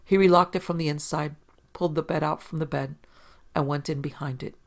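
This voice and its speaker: A man narrating a hard-boiled detective story in a steady, measured reading. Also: fairly high pitch.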